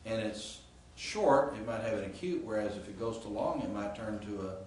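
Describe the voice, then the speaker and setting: A man's voice: on the low side, lively intonation, normal speed, darkish tone, distant mic. A man lecturing on grammar to a class in an informal, explanatory way, often checking in with the students. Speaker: Greek professor. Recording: echoey classroom recorded from afar with faint hiss.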